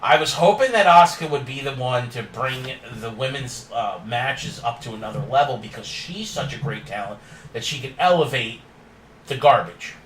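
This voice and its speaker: A man's voice: mid-range voice, lively intonation, moderate pace, fairly bright tone, roomy sound, distant mic, slight background noise, rough recording. A man hosting a casual wrestling recap, opinionated and ranting with frequent laughs. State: yawning and tired.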